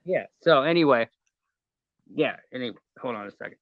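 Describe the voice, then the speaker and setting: A man casually telling a long rambling story, halting and laughing as he goes. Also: mid-range voice, expressive, no echo, dull audio.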